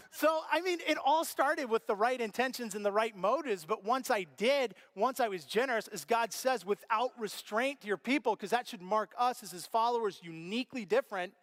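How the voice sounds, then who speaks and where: A man preaching a sermon as pastor, telling stories with lively, animated reactions. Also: high voice, fairly quick. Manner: animated storyteller, acts out his own reactions.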